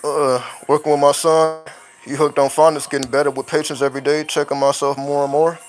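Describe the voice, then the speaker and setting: A man's voice: fairly high pitch, flat delivery, a little fast, faint music behind, rough recording. A man hosting a late-night talk show, musing openly as a father in a loose, profane monologue that keeps checking in with "right?". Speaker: podcast host.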